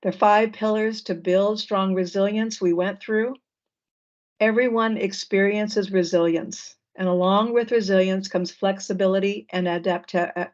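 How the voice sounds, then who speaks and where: A woman presenting an online training session, relaxed and with frequent fillers, heard over a video call. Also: medium pitch. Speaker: workshop presenter. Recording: dull lo-fi call audio.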